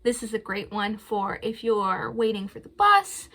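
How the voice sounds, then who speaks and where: Slow, sing-song storytime librarian woman. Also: mid-range voice, sing-song. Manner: slow, gentle, sing-song delivery with playful animal sounds. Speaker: children's librarian storytime host. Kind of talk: reading aloud and leading songs for young children. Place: seated in front of a camera. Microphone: camera.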